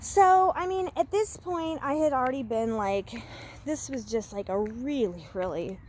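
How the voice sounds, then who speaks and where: A woman vlogging casually while walking outdoors in the woods. She talks in an expressive, engaging way, with lots of fillers. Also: sits high, a little slow, slight background noise. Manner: expressive, animated delivery with many fillers. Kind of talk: casual walk-and-talk vlog.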